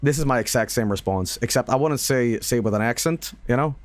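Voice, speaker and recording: A man streaming and reacting to videos, chatty and loose. He rambles with fillers, laughs and swears through his commentary. His voice sits at a middling pitch, close and dry on the mic. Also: a little fast, no echo. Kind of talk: casual live-stream commentary.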